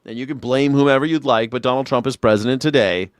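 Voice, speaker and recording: A man's voice: medium pitch, fast, clean tone, no room sound, studio quality. A man giving casual, profane commentary while reacting to a hearing clip, blunt and sarcastic. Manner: sarcastic, blunt, swears freely.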